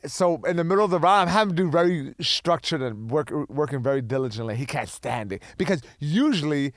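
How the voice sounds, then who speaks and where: A man who works as a personal trainer, co-hosting a casual podcast and telling stories with animated voices for his clients. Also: fairly high pitch, a little fast, dry recording, studio quality. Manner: animated storyteller, imitates clients.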